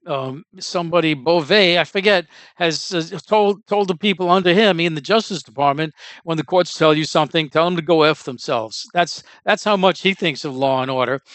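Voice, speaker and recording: A man's voice: fairly high pitch, a bit bright, smooth, dry recording. A man giving casual, indignant political commentary as the host, rambling with many restarts and fillers.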